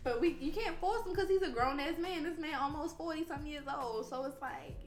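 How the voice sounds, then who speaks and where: A woman podcast host telling a story in casual, animated chat, swearing freely. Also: high-pitched, a little fast, faint music behind. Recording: roomy echo.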